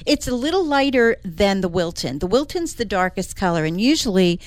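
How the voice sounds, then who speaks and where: Speaking in a mid-range voice that is very animated and brisk, this woman is an interior designer who's a regular on a talk show. She chats in a relaxed, enthusiastic radio style and laughs frequently. There's no echo.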